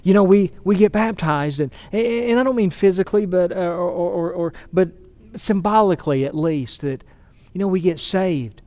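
Male pastor, earnest sermon storytelling, slightly high voice, dry sound. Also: moderate pace, dark tone, no echo. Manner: earnest storytelling with repeated words.

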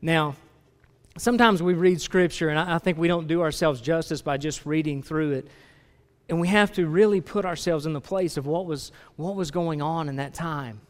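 A man's voice: fairly high pitch, moderate pace. A man preaching a conversational sermon to a congregation, asking them questions directly and often restarting his phrases. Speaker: pastor. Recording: long reverb of a large hall.

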